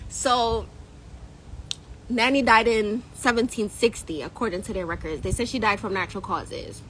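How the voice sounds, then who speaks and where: A young Jamaican woman with a bright, fairly high voice, chatting casually to her viewers as a spiritual coach. She is jokey and animated, laughs easily and drifts into patois. A faint hiss of room noise sits under her voice. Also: low-quality recording. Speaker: spiritual coach and YouTube host.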